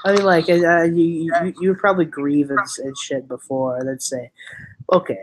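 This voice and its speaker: A man's voice: a little high, level tone, normal speed, slight background noise, rough recording. A young man with a clogged nose, chatting casually on a stream and joking in a rambling way. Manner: rambling, joking, laughs at own stories. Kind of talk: casual chat.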